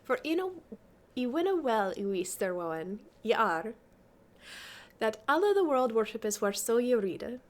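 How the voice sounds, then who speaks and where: Coaxing, teasing court lady, voiced by a woman reader, lively high delivery. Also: unhurried. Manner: playful, coaxing recitation in old verse. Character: flirtatious noble lady teasing a knight.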